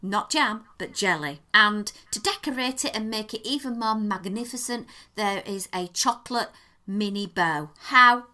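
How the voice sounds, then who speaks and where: A woman's voice: mid-range voice, a little slow, pushed and bright. A British woman co-hosting a podcast in casual chat, explaining things in a playful, emphatic way. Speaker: podcast co-host.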